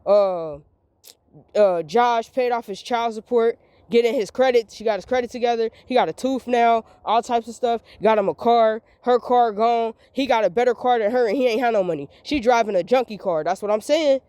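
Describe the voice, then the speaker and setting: A woman's voice: fairly high pitch, moderate pace, mellow, clear, resonant tone, no room sound. A woman, venting in a rambling, repetitive, emphatic monologue recorded as a voice memo. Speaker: vlogger.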